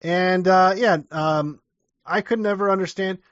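A man's voice: sits high, unhurried, a bit bright, dry recording. A man hosting a livestream and casually reading out viewer messages, talking in an offhand, rambling way. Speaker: livestream host. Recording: dull lo-fi dry sound.

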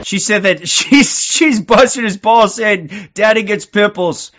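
A man streaming, giving crude, excited live reactions to video clips. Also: sits high, measured pace. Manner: excitable, crude, hyped outbursts. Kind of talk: profane live reaction commentary. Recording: muffled audio, crowd and noise behind.

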